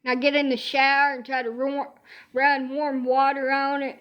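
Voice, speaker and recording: A woman's voice: high voice, little pitch movement, moderate pace, highs cut off. A woman, ranting profanely in a casual comedic monologue about her aching body. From Alabama. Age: 30s. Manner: profane, exaggerated complaining storytelling. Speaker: social media streamer.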